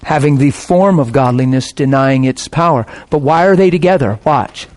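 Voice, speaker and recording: A man's voice: medium pitch, moderate pace, darkish tone. A middle-aged man, a pastor, preaching a sermon in a passionate, conversational way.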